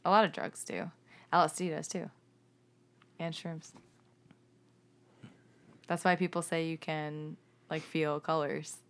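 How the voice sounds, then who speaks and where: Chatty young woman with gravelly fry. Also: low voice, flat delivery, slow, pauses often. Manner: chatty, giggly, lots of "like". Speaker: podcast co-host. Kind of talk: casual chat.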